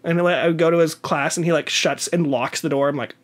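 High-voiced young man rambling through stories. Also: steady tone, brisk. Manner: rambling storyteller, many "like" fillers, acts out quotes. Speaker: podcast co-host. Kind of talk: casual chat.

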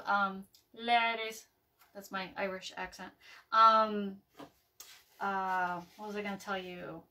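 A woman chats slowly through a home craft session, rambling and restarting with plenty of ums. Her voice is bright and a bit sharp. She sits somewhat back from the microphone. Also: mid-range voice, far from the mic. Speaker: craft video host. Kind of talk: casual live craft chat. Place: home craft table, indoors.

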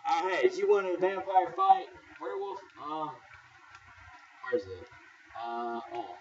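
A man's voice: fairly high pitch, expressive, measured pace. A man casually commenting while playing a game, teasing and bantering with the characters on screen. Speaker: gamer playing through a game. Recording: roomy, distant, dull and noisy.

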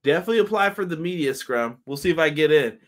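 Animated man with a lively voice. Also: fairly high pitch, fast. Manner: animated, joking, slangy. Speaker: podcast host. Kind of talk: casual wrestling review chat.

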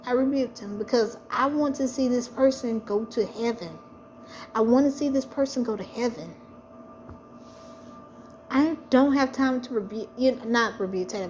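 A woman's voice: fairly high pitch, darkish tone, a little hiss or hum. A woman sharing a personal faith testimony, speaking earnestly and repeating phrases for emphasis.

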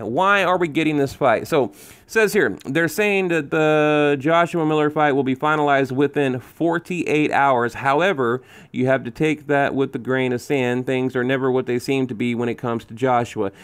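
A man's voice: medium pitch, clean tone. A man giving casual boxing commentary as a channel host, ranting with frequent restarts, asides and rhetorical questions. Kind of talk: casual commentary, reading news and memes aloud.

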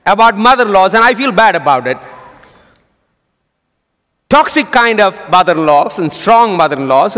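Animated man preaching in a reverberant hall. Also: sits high. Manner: lively storytelling preacher. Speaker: pastor. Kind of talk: sermon with jokes.

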